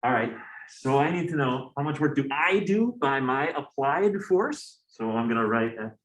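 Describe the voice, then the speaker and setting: Male professor at mid pitch, candid and wry, lecturing in a reverberant classroom. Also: expressive, normal speed, a bit bright. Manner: candid, exasperated asides, joking. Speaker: physics professor. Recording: roomy classroom echo.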